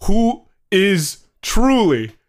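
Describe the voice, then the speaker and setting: A man's voice: sits high, very animated, extremely slow. A man co-hosting a podcast in crude casual banter, teasing his partner in a mock-dramatic way and laughing often. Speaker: podcast co-host.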